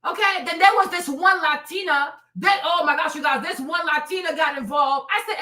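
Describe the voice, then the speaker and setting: A young woman with a very high voice rants into her streaming mic. Her tone is sharp and tense, and she keeps repeating lines and swearing. Now and then she breaks into a shout. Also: moderate pace, hardly any pauses. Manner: repetitive, cursing, shouting bursts. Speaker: host. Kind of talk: heated livestream rant.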